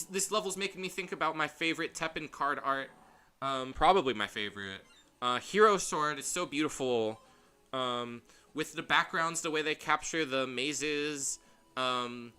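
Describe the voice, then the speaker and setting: A man chatting through a blind game playthrough, rambling and animated as he goes off on tangents. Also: a little high, smooth. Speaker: game streamer. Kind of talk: casual gameplay commentary.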